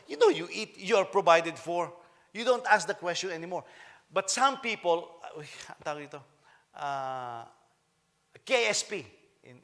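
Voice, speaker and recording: Animated pastor, man. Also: high voice. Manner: animated, joking with the congregation, frequent repetitions and restarts. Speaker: senior pastor. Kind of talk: sermon.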